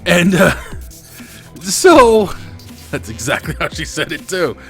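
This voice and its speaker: A man's voice: high-pitched, big pitch swings, slow. A young man hosting a gaming channel, candidly retelling a family story over gameplay and swearing freely as he talks. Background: faint background music.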